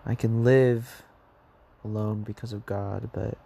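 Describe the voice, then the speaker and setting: Soft-spoken, slow, sad young man. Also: on the low side, flat delivery, gravelly, a little hiss or hum. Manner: soft, hesitant, halting, sometimes near a whisper. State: tired and sad. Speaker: vlogger. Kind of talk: reflective personal diary vlog.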